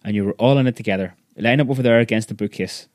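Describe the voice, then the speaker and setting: A man's voice: on the low side, very fast, darkish tone, no echo, clean studio sound, close to an everyday voice. A man reading a story aloud, voicing a huge, stern headmaster who barks curt orders at schoolboys. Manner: curt, commanding. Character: stern towering male headmaster.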